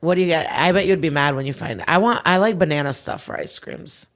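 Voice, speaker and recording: A woman guest on a comedy podcast, chatting casually in a relaxed, halting way with many fillers. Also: deep voice.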